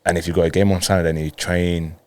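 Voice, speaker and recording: Deep-voiced laid-back footballer. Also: male voice, flat delivery, a little mellow. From Colombia. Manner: laid-back, acts out dialogue in quick bursts. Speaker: professional footballer, guest. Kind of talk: casual storytelling interview.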